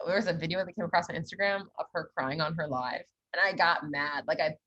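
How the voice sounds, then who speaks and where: Fast-talking, blunt young woman, husky. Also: fairly low pitch. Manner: blunt, animated storytelling with acted-out quotes. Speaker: podcast co-host. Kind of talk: casual chat.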